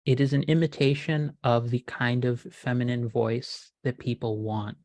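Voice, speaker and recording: A woman narrates a tabletop role-playing game as its game master. She describes each scene in a measured, descriptive way. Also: rumbling low, steady tone, a little mellow.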